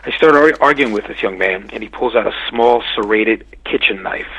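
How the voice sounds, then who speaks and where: A man slowly and hesitantly recounting a dream, full of restarts and fillers. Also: on the low side, vocal fry, pushed and bright, husky, rough recording. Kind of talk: casual spoken recounting.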